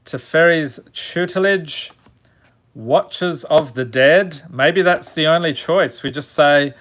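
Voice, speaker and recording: A man's voice: a little high, takes it slowly. A man with a Chicago accent streaming a card-pack opening, reading out card names and chatting with his viewers. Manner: reads card names in a steady list, then chats with viewers. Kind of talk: casual live-stream chat.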